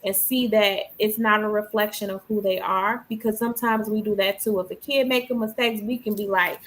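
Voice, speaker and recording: A woman's voice: medium pitch, fairly even intonation, normal speed, fairly bright tone, poor audio. A woman co-hosting a casual podcast chat, speaking emphatically and with conviction. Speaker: podcast co-host.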